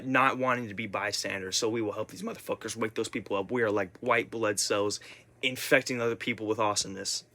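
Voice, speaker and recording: Intense, swearing young man, bright voice. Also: fairly low pitch. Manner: intense, profane, restless, many restarts. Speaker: vlogger. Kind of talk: rambling casual monologue.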